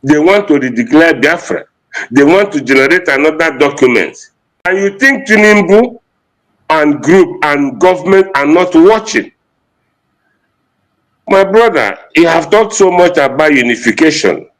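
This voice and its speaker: A man's voice: on the high side, lively intonation, a little slow, poor audio. A man with a Nigerian Igbo accent giving an impassioned political address, mixing English and Igbo and repeating phrases for emphasis.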